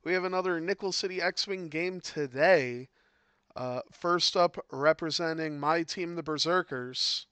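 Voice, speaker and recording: A tired man commentating a tabletop game on his stream, talking in a relaxed, rambling way with frequent fillers. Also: a little high, a little slow.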